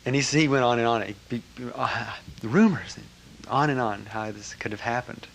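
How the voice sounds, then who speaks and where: An older man telling a personal story to a gathering in a reflective, halting way, breaking into lively quotes. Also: medium pitch, gravelly, poor audio. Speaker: speaker recounting a spiritual teacher.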